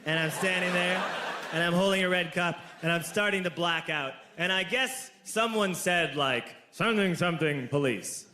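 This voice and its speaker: A man in his thirties telling a stand-up story, animated and shouting the punchlines. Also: sits high, normal speed, reverberant. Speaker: stand-up comedian.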